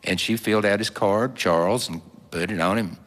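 A man telling a folksy story in a slow, drawling, homespun way with plenty of fillers. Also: lowish voice, a bit bright. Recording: long hall reverb.

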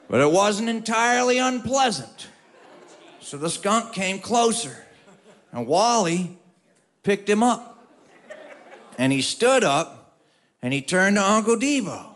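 A man telling a funny story to an audience, with wry, drawn-out comic timing. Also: high voice, a bit bright.

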